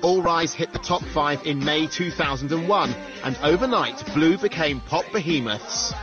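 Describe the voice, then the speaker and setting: Male narrator, wry scripted voice-over, slightly high voice, dull sound, music bed. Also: normal speed. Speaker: documentary narrator. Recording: dull TV audio under loud music.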